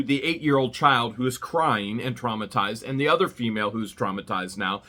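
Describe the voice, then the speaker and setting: Animated, indignant male vlogger. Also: medium pitch. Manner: animated and indignant, rhetorical questions. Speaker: vlogger and citizen journalist host. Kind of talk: outraged commentary to camera.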